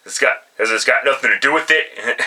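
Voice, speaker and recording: A man's voice: medium pitch, a little fast, bright, forceful tone, poor audio. A man giving blunt, profane football picks in casual solo commentary, often restarting his sentences. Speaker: sports picks vlogger.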